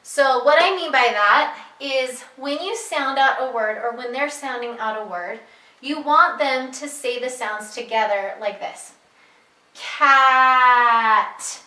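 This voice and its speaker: Bright-voiced woman teaching parents, echoey room. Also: high-pitched, measured pace, recorded from a distance. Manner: patient, repeats key points, stretches out sounds to demonstrate. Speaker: reading teacher. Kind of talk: instructional talk to parents.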